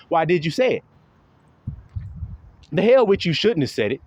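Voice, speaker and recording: A man's voice: a little high, big pitch swings, moderate pace, long pauses, darkish tone. A man preaching in a heated, profane commentary style. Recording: dull lo-fi recording, faint noise.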